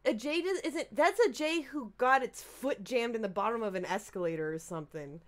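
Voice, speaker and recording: A woman's voice: on the high side, lively intonation, fairly quick. Playful woman co-hosting a trivia game. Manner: playful, laughs often. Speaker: co-host. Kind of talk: casual chat.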